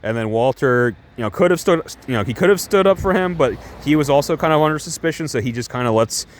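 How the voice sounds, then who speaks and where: A man's voice: fairly high pitch, expressive, quick pace, slight background noise. A young man casually reviewing TV shows, chatty and rambling with many restarts. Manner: chatty, heavy use of "like" and restarts, laughing asides.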